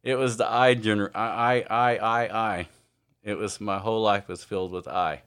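A man giving an informal, earnest sermon, halting often with fillers and restarts. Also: on the low side, steady tone, a bit bright, clear, resonant tone. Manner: earnest, confessional. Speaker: preacher.

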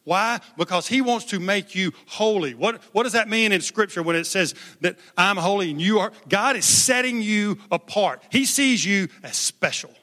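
A man's voice: high-pitched, pushed and bright. A male pastor preaching a sermon in an emphatic, conversational way, calling on the congregation to respond. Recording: long hall reverb.

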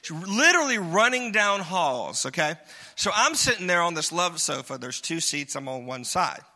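Male pastor, high and very bright, playful storyteller preaching in a church with a long echo. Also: big pitch swings, moderate pace. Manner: storytelling, mimics voices, chuckles often. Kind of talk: humorous sermon. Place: church sanctuary. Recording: long hall reverb.

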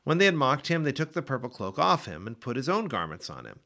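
Expressive man reading scripture aloud. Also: mid-range voice, quick pace, creaky. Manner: expressive, dramatic delivery. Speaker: Bible reader.

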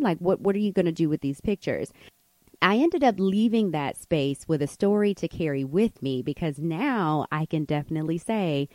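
Animated woman podcast host telling a story. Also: sits low, dry recording. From United States. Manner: animated, conversational, many fillers. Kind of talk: personal storytelling.

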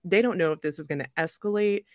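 A young adult woman hosting a podcast, telling a story in a lively, joking way and laughing often. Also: fairly low pitch, quick pace, no echo, studio quality. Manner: animated, jokey, laughs often. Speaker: podcast host. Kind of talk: casual storytelling chat.

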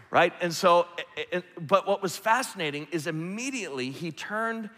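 Earnest preaching man, forceful voice. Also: high voice, expressive, a little slow. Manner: earnest, repeats phrases for emphasis. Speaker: pastor. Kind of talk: sermon. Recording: long hall reverb.

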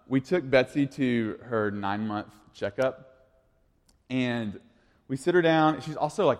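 A pastor in his thirties preaching a sermon in a casual, conversational way, moving from quiet asides to lively storytelling. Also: mid-range voice. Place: church sanctuary. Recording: long reverb of a large hall.

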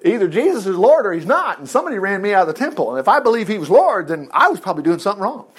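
A man teaching a Bible passage in a casual, animated way, breaking into asides between verses. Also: high voice, husky. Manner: animated, reads scripture with asides and quick voiced quotes.

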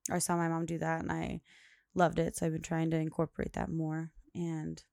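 Gravelly low-voiced woman podcasting solo. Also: monotone, a little fast, darkish tone, no room sound, studio quality. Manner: rambling, chatty, many fillers and laughs. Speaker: podcast host. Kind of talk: casual solo monologue.

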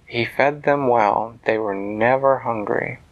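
A man telling a bedtime story to a child in a gentle voice that sometimes drops to a soft whisper. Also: medium pitch, wildly swooping pitch, takes it slowly, gravelly, muffled recording.

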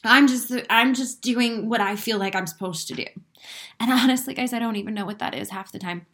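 A woman's voice: fairly high pitch, fairly quick, fairly bright tone. A woman giving an emotional, spiritual motivational talk to her viewers. She speaks with earnest conviction, swears freely and laughs through her emotion. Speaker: inspirational speaker.

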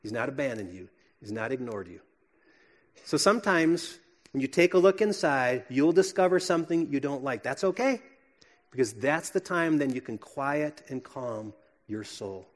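A man, likely a pastor, preaching a sermon with earnest emphasis that drops to hushed, gentle passages. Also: mid-range voice, lively intonation, normal speed.

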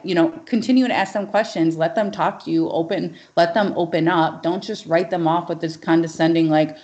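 Earnest, emphatic low-voiced woman. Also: a little fast, hardly any pauses, darkish tone, muffled recording. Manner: earnest, emphatic, uses "like" often. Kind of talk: casual podcast conversation.

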